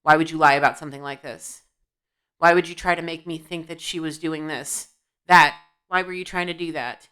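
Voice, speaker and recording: A low, steady voice, fairly bright, clear and resonant, delivered at a moderate pace. The speaker is an intuitive reader at home doing a tarot-style reading to camera, blunt and scolding, quizzing her guides and replying for them.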